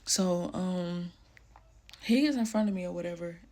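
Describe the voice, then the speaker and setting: A young woman telling a personal story casually, full of "like", often dropping into a hushed voice. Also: on the low side, moderate pace. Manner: casual, fillers like "like", drops to hushed tones.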